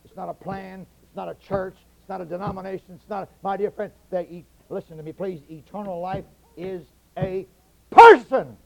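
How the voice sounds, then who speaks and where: Fervent high-voiced man preaching. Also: steady tone, brisk, vocal fry, few pauses, lo-fi sound. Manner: swings from quiet teaching to loud fervent shouting, stretching key words. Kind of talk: sermon.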